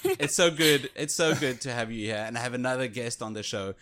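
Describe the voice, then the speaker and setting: A man co-hosting a casual video game podcast, talking in an excitable, animated way. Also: mid-range voice, fairly quick. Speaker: podcast co-host. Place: home setup, virtual studio.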